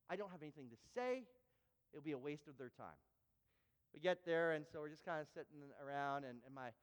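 A man preaching a sermon, telling a personal story with stammering restarts and building to loud, fervent exhortation. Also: fairly high pitch, smooth, in a large hall. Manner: stammering restarts when retelling panic.

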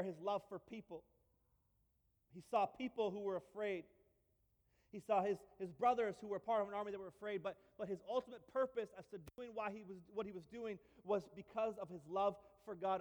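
A man's voice: high voice, darkish tone. A man preaching a sermon as a pastor, emphatic and repetitive with touches of light humor. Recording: long reverb of a large hall.

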